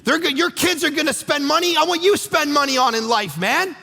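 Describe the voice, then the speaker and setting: A man, a pastor, preaching a sermon with energetic, conversational storytelling in a church auditorium. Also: extremely high pitch, fairly quick, vocal fry. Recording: echoey church hall.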